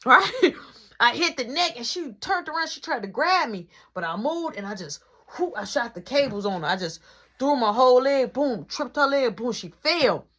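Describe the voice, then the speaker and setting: A woman telling a fight story in a casual vlog, animated and dramatic, acting out sound effects. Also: sits high, moderate pace.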